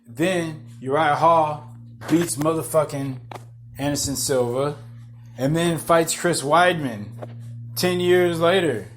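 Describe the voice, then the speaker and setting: A man hosting a podcast, rambling in excitable, profane casual chat full of restarts. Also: a little high, slow, a little hiss or hum. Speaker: podcast host. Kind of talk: casual chat about MMA fights.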